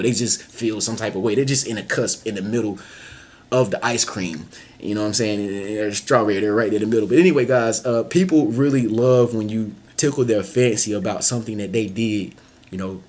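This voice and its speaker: Husky-voiced man giving casual advice. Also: fairly low pitch. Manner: loose and slangy, full of "you know what I'm saying"; playful, acts out little scenes in other voices. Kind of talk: casual motivational talk.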